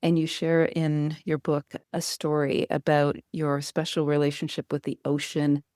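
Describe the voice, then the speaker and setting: A woman's voice: low-pitched, monotone, normal speed, a little mellow, clean tone, dry recording, studio quality. A woman hosting a podcast interview, affirming her guest and asking reflective questions. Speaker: podcast host. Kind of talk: interview conversation.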